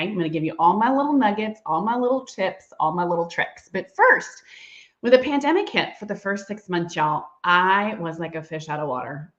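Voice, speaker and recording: A middle-aged woman giving a livestream sales training, bubbly and chatty, laughing often. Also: lowish voice. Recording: dull lo-fi livestream audio.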